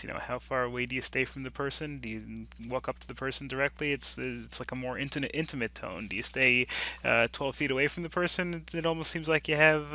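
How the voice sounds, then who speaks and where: A man lecturing on a recorded business course, his voice bright and forceful at a middle pitch. He talks loosely and conversationally, often pausing on fillers and restarting his sentences.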